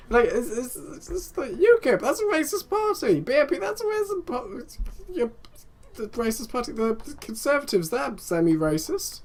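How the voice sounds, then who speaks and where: A man's voice: very high voice, huge pitch swings, moderate pace. A young man rambling to himself as he gives casual commentary on a strategy game he is playing. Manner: rambling, chatty, talks to himself. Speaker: let's play host.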